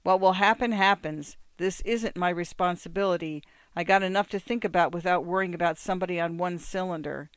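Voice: mid-range voice, a little fast, hardly any pauses, clean tone, dry recording, natural voice. A reader voicing a cold, amused, death-like ticket collector with a metallic, curt voice. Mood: cold indifference. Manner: curt, indifferent.

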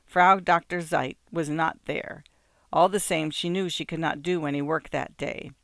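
A man narrating an audiobook in a measured, even storytelling manner. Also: a little high, gravelly, no echo, clean studio sound.

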